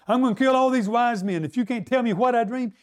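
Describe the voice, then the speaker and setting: A man's voice: extremely high pitch, quick pace, voice pushed up. A preacher voicing an angry, demanding ancient king who issues threats. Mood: threatening. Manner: threatening, impatient.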